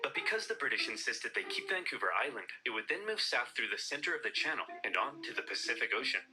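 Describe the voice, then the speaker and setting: Wry, animated man narrating history. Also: mid-range voice, fast talker, rough recording. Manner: wry, playful, theatrical. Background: music.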